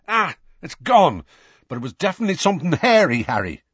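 A man voicing an excitable teenage boy who yells eagerly. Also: fairly high pitch, fairly quick, slightly rough, no echo, voice pushed up, heavily acted. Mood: excited. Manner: yelling, excited. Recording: dull lo-fi dry recording.

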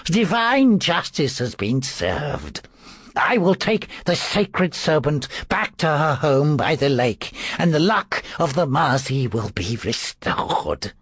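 A man voicing a pompous, solemn male priest in an audiobook, speaking high and drawn out. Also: big pitch swings, slow pace, a bit bright, breathy edge, no room sound, exaggerated voice. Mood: complacent. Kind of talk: audiobook character voice.

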